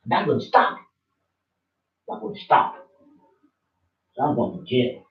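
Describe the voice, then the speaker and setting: A man's voice: medium pitch, sing-song, slow pace, pauses often. An older man in a congregation, talking in a rambling, blunt and worked-up way. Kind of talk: heated rambling talk. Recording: dull echoey room from far off.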